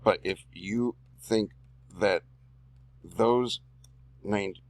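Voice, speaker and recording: As he edits a screen-recorded tutorial, this online marketer and video host reads copy aloud, muttering and drawling slangy remarks to himself. His voice is lowish, with drawn-out words and no echo.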